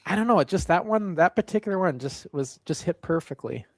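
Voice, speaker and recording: A man co-hosting a wrestling show, talking in a rambling, halting, good-natured way. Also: high-pitched, animated, dry recording. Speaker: co-host. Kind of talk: casual wrestling show chat.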